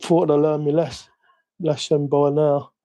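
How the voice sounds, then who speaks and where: Here a Cockney-accented man hosts a hobby live stream, rambling casually as he works and poking fun at himself along the way. He speaks unhurriedly, with a fairly high, mellow voice and a level tone.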